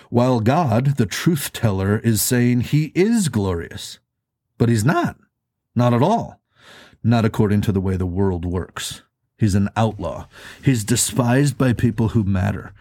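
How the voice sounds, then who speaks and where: A man's voice: fairly low pitch, dark tone, no room sound, studio quality. A man preaching a sermon in an earnest, conversational way, asking the listeners rhetorical questions. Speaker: pastor.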